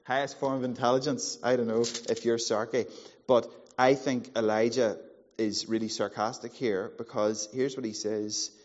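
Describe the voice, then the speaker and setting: A man in his forties preaching a sermon, animated and playful, acting out the voices in the story. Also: mid-range voice, moderate pace. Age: 40s. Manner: animated, playful, acts out quotes. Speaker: pastor. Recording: muffled sound in a large hall.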